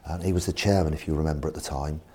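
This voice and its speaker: A former football manager telling anecdotes in an animated way and acting out voices. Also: male voice, rumbling low, rapid-fire, a little hiss or hum. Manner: animated, acts out voices in his stories. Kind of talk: anecdotal storytelling.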